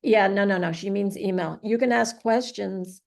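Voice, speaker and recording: A woman's voice: medium pitch, normal speed, vocal fry. A woman hosting an online class over a video call, encouraging others and moving the session along. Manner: encouraging, with steady backchannel. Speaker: class host.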